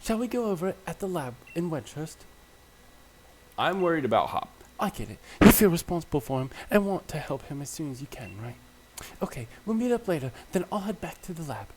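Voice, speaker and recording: Brief: man doing a friendly young woman scientist, higher voice, quick and chatty. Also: very animated, background noise. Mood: concerned.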